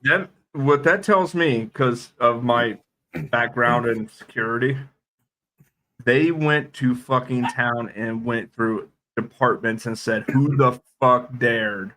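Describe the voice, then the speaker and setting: A man's voice: mid-range voice, slow, sharp tone. A man co-hosting a casual podcast, acting out little scenes and swearing. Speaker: podcast co-host.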